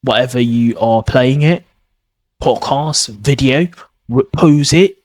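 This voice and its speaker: A man's voice: mid-range voice, takes it slowly, darkish tone. A man giving a podcast lesson on pronunciation, often restarting and checking in with "okay?". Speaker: pronunciation teacher.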